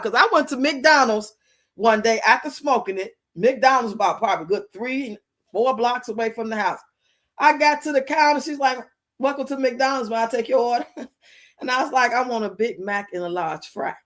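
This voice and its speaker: A woman's voice: medium pitch, fairly bright tone. A middle-aged woman hosting a livestream, chatting casually and telling stories, laughing often and acting out what people said. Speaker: livestream host. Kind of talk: casual storytelling chat.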